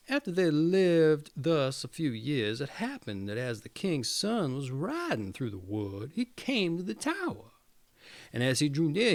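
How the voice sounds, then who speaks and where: Guy reading old fairy tales, kinda gravelly, slightly high voice. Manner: expressive, swooping storytelling. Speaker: storyteller.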